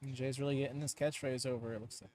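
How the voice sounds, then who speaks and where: A young man hosting a live watchalong stream, chatting excitedly with many fillers and quick laughs on a close mic. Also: medium pitch, no echo. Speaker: watchalong host. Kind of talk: live reaction commentary.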